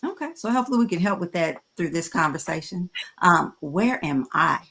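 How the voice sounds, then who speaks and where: A woman in her fifties hosting a panel, talking frankly and conversationally with frequent pauses to gather her words. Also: fairly low pitch, expressive, fairly bright tone. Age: 50s. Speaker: host.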